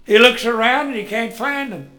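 A man preaching a sermon in an earnest way, moving between loud emphasis and hushed words. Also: very high voice, normal speed.

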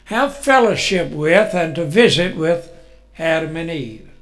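A man preaching a sermon in an earnest way, moving between loud emphasis and hushed words. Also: on the high side, expressive, a little slow.

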